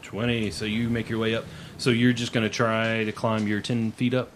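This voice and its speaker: A man running a tabletop game as game master, brisk and dryly teasing. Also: lowish voice, level tone. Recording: faint background noise.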